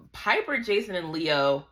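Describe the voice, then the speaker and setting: A woman's voice: lowish voice, very animated, slow, fairly bright tone. A woman in her thirties giving a casual, chatty book recap, ranting in exasperation. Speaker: book vlogger.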